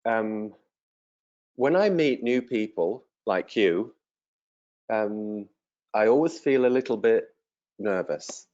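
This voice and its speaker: Male, 50s, from England, English teacher; slow, clear, patient delivery with fillers, lowish voice. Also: lively intonation, darkish tone, muffled recording. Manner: friendly and encouraging. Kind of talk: slow, simple self-introduction to language learners.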